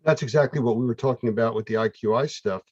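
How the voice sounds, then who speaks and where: A man's voice: medium pitch, quick pace, darkish tone, no echo. A male host talking conversationally and explaining things in a casual online interview. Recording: dull, dry mic sound.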